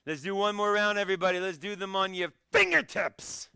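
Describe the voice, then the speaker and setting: Male karate instructor, dry close sound, energetic drill calls and jokes. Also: sits high, fairly quick, gravelly, clean tone, dry recording. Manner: energetic, shouts encouragement and countdowns, jokes between sets. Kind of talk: live online fitness class coaching.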